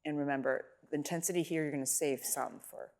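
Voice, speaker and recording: In a recital hall, a woman coaches a violin masterclass over a student's live playing, offering short, encouraging cues and repeated praise. She hums phrases to show how they should go. Her deep, a little mellow voice moves quickly with fairly even intonation, and there's slight hiss or hum.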